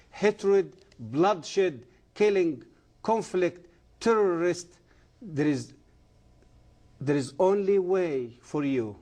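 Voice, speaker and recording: A middle-aged man speaks as a TV interview guest, his English halting and earnest. His voice sits fairly high for a man yet sounds dark and mellow. He leans into key words with emphatic conviction. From Egypt. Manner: earnest, emphatic, halting non-native grammar. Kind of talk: testimony and preaching on a TV interview.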